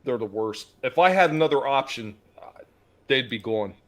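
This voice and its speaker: Man, easygoing stream host, blunt, jokey, mid-pitched voice. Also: lively intonation, moderate pace, a bit bright. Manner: blunt, joking, grows emphatic when complaining. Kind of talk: casual chat.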